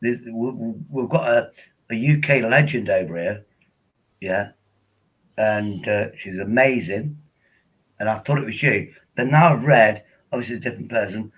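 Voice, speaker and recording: Husky older man rambling on stream. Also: fairly low pitch, normal speed, rough recording. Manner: rambling, chatty, friendly. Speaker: live-streamer. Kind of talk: casual live-stream chat. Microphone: laptop.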